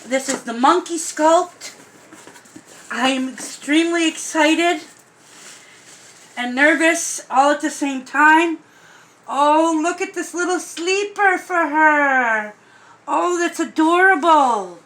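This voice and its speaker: A woman filming an excited unboxing vlog, gushing over a doll with gasps and breathless exclamations. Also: high-pitched, takes it slowly, rough recording.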